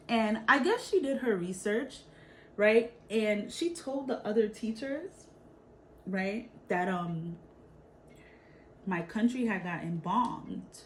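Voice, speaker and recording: A vlogger in her thirties from Brooklyn, New York, chats animatedly through a storytime while doing her makeup, often tacking on "right?". Her voice is medium in pitch, with a little hiss or hum in the recording.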